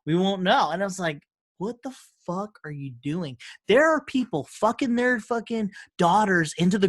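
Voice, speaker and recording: A man co-hosting a podcast, chatting casually about politics, swearing a lot and getting animated. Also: high voice. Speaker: podcast co-host.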